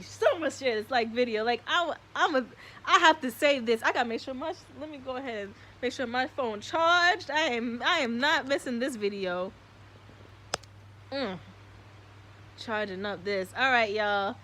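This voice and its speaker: A young woman hosting a spiritual live stream, speaking in an excitable, slangy way and swearing often. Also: a little high, moderate pace.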